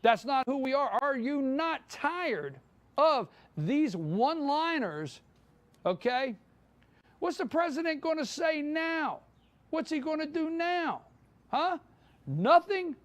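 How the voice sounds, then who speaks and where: Fired-up high-voiced man. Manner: fired-up, emphatic, repeats his points. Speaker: morning show host. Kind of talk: live opinion monologue. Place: live broadcast from a downtown spot.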